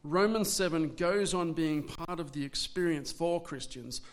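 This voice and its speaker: A man preaching a sermon in an earnest way, sometimes restarting words and slowing down for emphasis. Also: fairly high pitch. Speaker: pastor.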